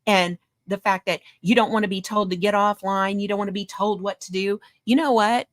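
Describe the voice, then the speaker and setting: A woman's voice: mid-range voice, steady tone, fairly quick, no room sound, studio quality. A woman hosting a commentary show, talking in a sarcastic, mocking, lecturing way about a streamer. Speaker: commentary host.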